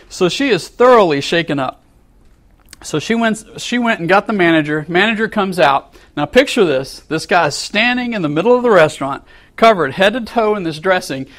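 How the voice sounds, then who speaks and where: High-voiced man telling a sermon story. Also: normal speed. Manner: animated storyteller, acts out angry quotes, chuckles with the crowd. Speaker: preacher.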